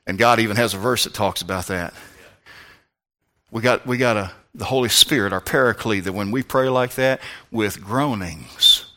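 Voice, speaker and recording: A fervent male pastor delivers a sermon in a lowish, bright, forceful voice. He swings between shouting and hushed, intimate tones.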